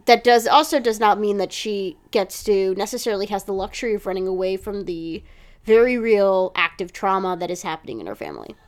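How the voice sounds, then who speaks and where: A woman co-hosting a podcast, chatting casually about a TV episode, animated and swearing freely. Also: medium pitch, brisk. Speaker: podcast co-host. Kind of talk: casual chat recapping a TV episode.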